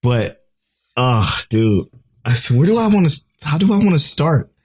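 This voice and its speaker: A young man co-hosting a podcast, recapping episodes in an excitable, casual way with some swearing. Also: a little high, moderate pace, slightly rough. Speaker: podcast co-host. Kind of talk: casual chat.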